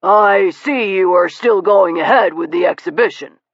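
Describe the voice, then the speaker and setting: A woman voicing a smoothly polite gentleman who calmly needles his rival, measured and courtly, in a dull, lo-fi recording. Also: lowish voice, no room sound, natural voice. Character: suavely polite male visitor, calmly needling.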